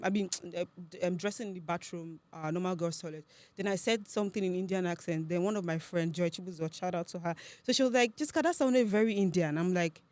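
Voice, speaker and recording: A young woman with a Nigerian accent, a podcast guest telling stories with animation, laughing often and acting out what others said. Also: fairly low pitch. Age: young adult. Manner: animated storyteller, laughs often, acts out quoted speech. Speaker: guest, accent content creator. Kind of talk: casual podcast interview.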